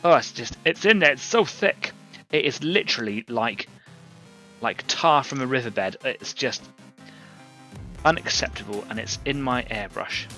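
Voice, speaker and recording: A man's voice: medium pitch, lively intonation, measured pace, pushed and bright, faint music behind. A man hosting a live painting stream, talking casually and rambling as he works and greets viewers from the chat.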